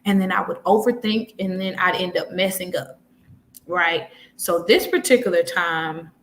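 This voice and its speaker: A woman's voice: on the low side, normal speed, poor audio. A woman in her twenties on a talk show, telling stories animatedly, acting out what people said and laughing often. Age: 20s. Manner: animated storyteller, acts out quotes, laughs often. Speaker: guest. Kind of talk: casual chat.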